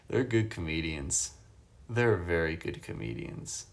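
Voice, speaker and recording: A man's voice: low voice, creaky. A man livestreaming from a hotel room on his phone, casually chatting and reading viewers' questions aloud with frequent chuckles. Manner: laid-back, reads chat questions aloud and chuckles often.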